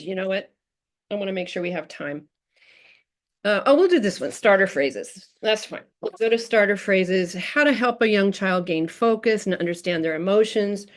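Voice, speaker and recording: A woman presenting a parenting workshop in an informal, chatty way, with many fillers and restarts. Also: medium pitch.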